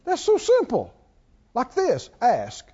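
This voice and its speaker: Speaking slowly in a very high, mellow voice, this preacher lets his pitch swoop wildly. He keeps putting questions to the congregation in call-and-response style, captured in a dull, lo-fi church recording.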